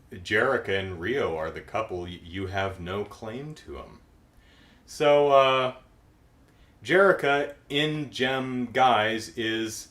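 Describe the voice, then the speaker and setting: A man's voice: on the low side, fairly bright tone. A middle-aged man recapping a cartoon episode in casual comedic talk, dry and sarcastic, acting out the characters' lines.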